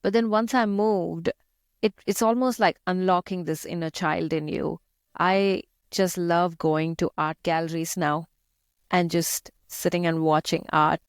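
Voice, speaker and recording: Young Indian-accented woman, low-pitched, dry sound, chatty interview guest. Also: fairly even intonation, measured pace, clear, resonant tone, no echo. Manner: chatty, laughs often, many "like" fillers. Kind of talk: casual interview chat.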